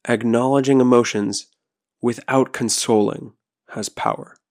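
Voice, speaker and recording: A man hosts his own podcast alone, talking in a calm and thoughtful way. His voice has a gravelly edge. He keeps pausing to ask the listener questions. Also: medium pitch. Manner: calm, reflective, asks rhetorical questions. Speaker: podcast host. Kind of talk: solo podcast monologue.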